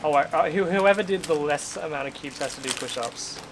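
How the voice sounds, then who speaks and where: A woman's voice: low voice, a little fast. A young woman with an Australian accent, chatting playfully and teasing while unboxing. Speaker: cubing video host. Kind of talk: casual chat while unboxing. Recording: loud crinkling packaging noise.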